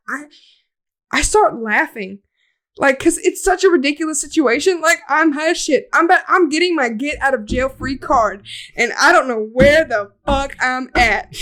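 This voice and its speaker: A young woman hosting a podcast, telling a story in a casual, animated way, laughing and swearing as she acts out voices. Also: high voice, normal speed. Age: young adult. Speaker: podcast host.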